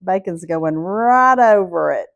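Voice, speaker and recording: A woman's voice: fairly low pitch, lively intonation, slow pace, gravelly, dry recording, dull audio. Southern woman, middle-aged cooking host, homey and chatty, dry close sound. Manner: homey, chatty, addresses viewers as y'all. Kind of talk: casual cooking vlog.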